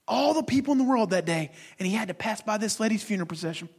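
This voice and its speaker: A man preaching a sermon with passion, swinging between loud bursts and hushed, halting asides. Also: high-pitched, expressive, creaky, breathy edge. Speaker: pastor.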